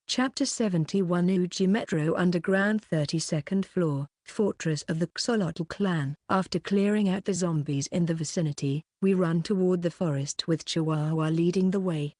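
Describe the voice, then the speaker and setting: A woman reading a web novel aloud as an audiobook narrator, keeping one even voice throughout. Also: on the low side, dry recording, clean studio sound.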